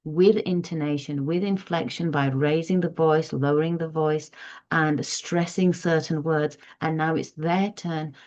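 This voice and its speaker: Woman, teacher explaining to parents, slow and deliberate, low-ish voice, dull lo-fi audio. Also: fairly even intonation, a little mellow. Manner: measured, explanatory, demonstrates reading aloud. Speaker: teacher giving parenting advice. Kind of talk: instructional talk to parents.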